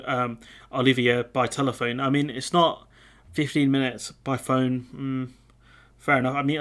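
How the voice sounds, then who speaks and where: A man's voice: mid-range voice, a bit bright. A man reading news articles aloud and commenting on them in a casual way, with frequent ums and asides. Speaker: political commentator.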